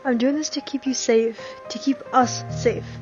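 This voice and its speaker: A woman's voice: sits high, steady tone, measured pace, over music. A woman reading the lines of a secretive, protective young man, urgent and insistent, in a story reading. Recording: slightly dull lo-fi recording.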